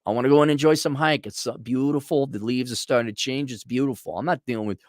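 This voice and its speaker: A middle-aged male consultant and vlogger rants bluntly to camera, exasperated and profane. His mid-range voice moves at a quick pace, recorded dry with studio quality.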